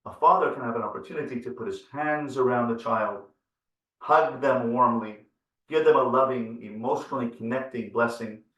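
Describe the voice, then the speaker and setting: A man speaking as a rabbi in an earnest, storytelling lecture, stacking phrase on phrase to drive each point home. His voice sits at an ordinary middle pitch. It reaches the mic from some distance and carries a lot of room echo. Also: moderate pace, fairly bright tone, lo-fi sound. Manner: earnest, piles up repeated phrases for emphasis. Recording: roomy, from far off the mic.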